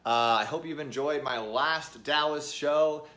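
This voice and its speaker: A man's voice: on the high side, unhurried, few pauses, pushed and bright, a little hiss or hum. A man hosting his weekly motivational show, talking to camera in an earnest, rallying way and calling his viewers "guys".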